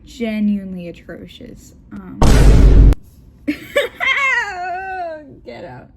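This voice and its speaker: A woman's voice: medium pitch, measured pace, heavy background noise. A young woman reading fanfiction aloud with giggly, joking asides. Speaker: vlogger.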